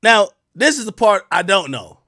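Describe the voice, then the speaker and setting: A man hosting a live stream, telling a story in a profane, excitable way that swings from loud outbursts to low mutters. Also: moderate pace, dry recording, studio quality. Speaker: streamer host.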